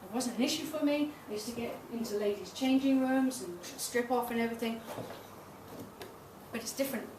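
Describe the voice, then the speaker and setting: A middle-aged woman who teaches tantra massage gives a public talk in a small event space, telling stories frankly and self-mockingly with laughs. Her voice is fairly high and a little fast, heard from a distance through a roomy, noisy recording.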